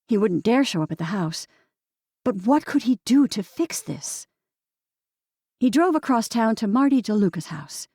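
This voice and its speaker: A woman narrating an audiobook in a calm, steady storytelling manner. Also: fairly high pitch, moderate pace, pauses often, breathy edge, dry recording, clean studio sound. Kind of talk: scripted narration.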